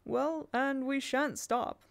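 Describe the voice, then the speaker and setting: A woman's voice: sits high, fairly even intonation, creaky, pitched above the performer's own voice, full character voice. A woman voicing a stern, commanding old man in a storybook reading, speaking firmly. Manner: firm, brisk.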